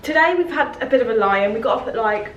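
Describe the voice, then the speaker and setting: Bubbly young woman vlogging on a phone, slightly high voice, roomy sound. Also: animated, fast talker, muffled recording. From United Kingdom. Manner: chatty, bubbly, laughs often. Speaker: travel vlogger. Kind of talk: casual vlog chat. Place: hotel room. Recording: echoey room, faint background noise.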